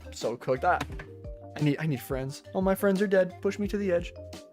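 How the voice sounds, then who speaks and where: Faint music plays behind a young streamer and day-trader whose high voice is brisk and slightly mellow. He rambles casually in slangy, profane chat, often poking fun at himself.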